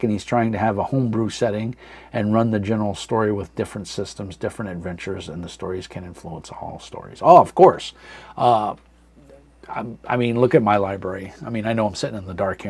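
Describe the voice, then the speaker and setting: A man in his thirties hosting a casual live chat from a dark room at home, rambling with many fillers and reading chat comments aloud. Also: lowish voice, fairly even intonation, fairly quick, slightly rough, no echo. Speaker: livestream host.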